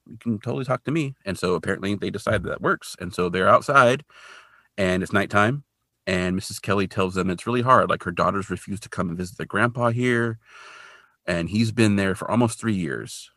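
Man, podcast co-host, gravelly, dry close sound, casual recap chat. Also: low-pitched, moderate pace, no room sound. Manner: animated storytelling, lots of "like".

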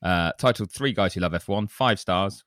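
A low-pitched man hosts a casual podcast, chatty and self-deprecating as he reads listener reviews aloud. His voice is deep, and the sound is dry and close to the mic. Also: moderate pace, fairly bright tone, no echo. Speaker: podcast host.

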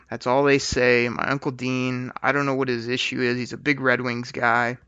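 A man hosts his podcast in an easygoing, rambling chat, often breaking into laughs. His voice is bright and gravelly, and it sounds dry and a little dull. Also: mid-range voice, moderate pace, dry recording. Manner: chatty, laughing, rambling with fillers. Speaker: podcast host. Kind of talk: casual chat.

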